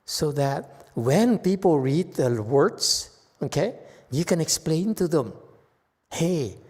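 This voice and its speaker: A man teaching at an unhurried pace, giving a Buddhist Dharma lecture to a live audience. He asks questions of his listeners and grows animated as he explains, and his voice rings with a long hall reverb. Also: fairly high pitch, husky. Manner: slow, animated, quizzes the audience.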